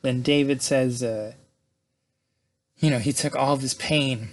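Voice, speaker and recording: A man's voice: mid-range voice, fairly even intonation, unhurried. A man casually recapping a movie's plot, rambling with lots of fillers and tag questions. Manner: rambling, filler-heavy, frequent "right?" and "like"; laughs between lines. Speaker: film recapper.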